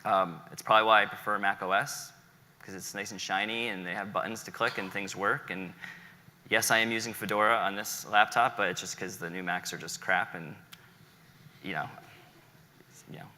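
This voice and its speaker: An American man gives a casual conference talk, wandering into joking tangents and filling pauses with ums. His voice is rather low but strikingly bright and edgy. The sound carries a long echo from a large hall. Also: steady tone. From United States. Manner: rambling, joking asides, many ums. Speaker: conference speaker.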